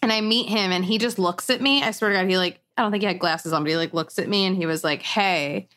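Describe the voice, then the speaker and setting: A woman's voice: medium pitch, fast talker. A young woman telling a story casually, laughing often and acting out what people said. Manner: animated, laughs often, acts out quotes. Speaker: storyteller guest.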